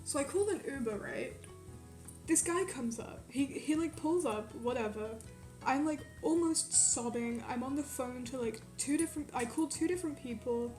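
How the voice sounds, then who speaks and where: A young woman from Quebec telling a story in a casual, animated way, swearing often and filling it with "like". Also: sits high, moderate pace, reverberant. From Quebec, Canada. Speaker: streamer. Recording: faint music behind.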